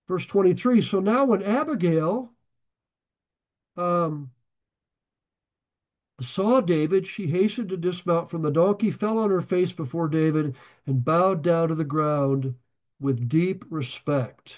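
A man's voice: sits high, a little slow, darkish tone. A man leading a conversational Bible study sermon, reading verses aloud and then explaining them in loose, joking asides. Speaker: Bible teacher.

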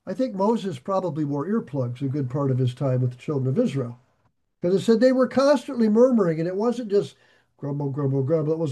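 A man teaching a verse-by-verse Bible study, reading scripture aloud and breaking into chatty asides. He gets excited easily and raises his voice. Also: very high-pitched, moderate pace.

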